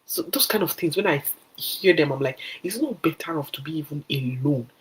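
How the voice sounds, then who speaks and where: A woman's voice: deep voice, expressive, a little fast, breathy edge, poor audio. Emphatic woman giving marriage advice. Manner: emphatic, repetitive, acts out quoted voices. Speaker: speaker at a singles fellowship. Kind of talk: animated testimony and advice.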